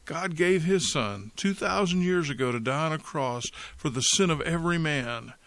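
A man telling a story in a sermon, calm and reflective. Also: a little high, normal speed, no room sound. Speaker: pastor.

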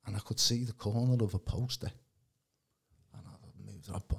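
Man, low gravelly husky voice, lively casual testimony. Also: normal speed. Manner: animated, acts out quoted voices, calls the host mate. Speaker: guest giving testimony. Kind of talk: casual storytelling.

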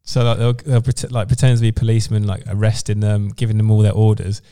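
A man's voice: lowish voice, quick pace, smooth. Man telling stories on a podcast. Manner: animated storyteller, laughs through his own stories. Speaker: podcast host. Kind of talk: casual chat.

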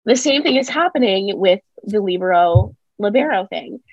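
A woman's voice: fairly high pitch, animated, normal speed, slightly rough, dull audio. A young adult woman co-hosting a podcast, talking casually and emphatically. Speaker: podcast co-host. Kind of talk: casual chat.

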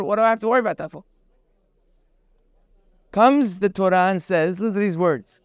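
A man teaching a daily Torah class, lively and full of rhetorical questions, reading Hebrew verses and explaining them. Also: sits high, clean tone, no echo, clean studio sound.

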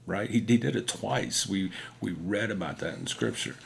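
A middle-aged man with a very low, gravelly voice tells a personal testimony. He talks earnestly and rambles, with plenty of fillers. A faint hiss sits under his voice. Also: moderate pace. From Kansas. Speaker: motorcycle rider giving testimony.

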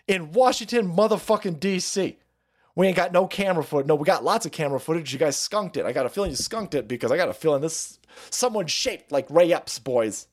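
A man hosting a livestream, ranting crudely about politics, stammering, restarting and laughing at his own jokes. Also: a little high. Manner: foul-mouthed, rambling, mocking, laughs at own jokes; reads out and thanks chat viewers. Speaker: livestream host. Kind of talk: profane political rant on a livestream.

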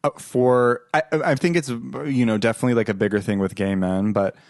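A man's voice: mid-range voice, steady tone, fairly quick, no room sound, clean studio sound. A man chatting casually as a guest, playful and rambling, with frequent restarts. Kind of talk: casual chat.

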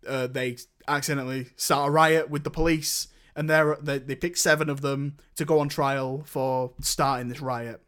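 A young man co-hosts a podcast reviewing films, chatting casually with a rambling delivery and many restarts. His mid-range voice is smooth and fairly bright, with fairly even intonation, normal speed, and hardly any pauses.

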